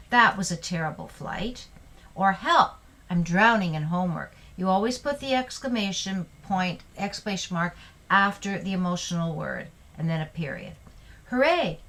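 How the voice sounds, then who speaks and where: Female English teacher, mid pitch, clear explanatory delivery with emphatic example readings. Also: fairly bright tone. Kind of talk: online grammar lesson.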